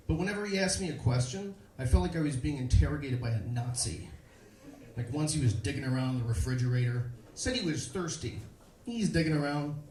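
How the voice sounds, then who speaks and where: A young man performing a stand-up comedy set on a club stage, delivering deadpan stories with punchlines. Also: a little high, a little hiss or hum. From Chicago, USA. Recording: echoey live club room.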